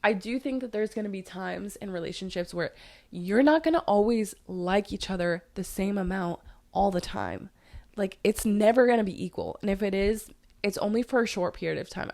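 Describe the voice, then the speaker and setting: A young woman hosting her own podcast with a raspy, hoarse voice, giving earnest advice and repeating points for emphasis. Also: mid-range voice, moderate pace, a little mellow. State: hoarse, voice tired. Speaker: podcast host. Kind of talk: solo podcast talk.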